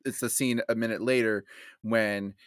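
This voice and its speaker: A man's voice: fairly low pitch, steady tone, normal speed, clean tone, no room sound, clean studio sound. A man co-hosting a casual podcast, joking loosely about a bad movie, full of fillers and swearing. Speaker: podcast co-host. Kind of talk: casual movie-riffing chat.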